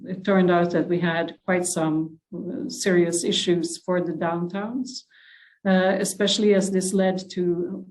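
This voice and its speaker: Woman, Dutch accent, low voice, very slow delivery, soft-spoken, halting fillers, panel talk over video call. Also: low-quality recording. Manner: hesitant, many fillers; soft-spoken, drops her voice. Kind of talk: panel discussion. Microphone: remote video call.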